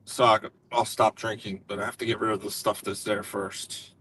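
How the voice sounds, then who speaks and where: Bright-voiced man rambling casually. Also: on the low side, little pitch movement, normal speed, a little hiss or hum. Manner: rambling, laughs often. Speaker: guest. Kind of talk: casual chat.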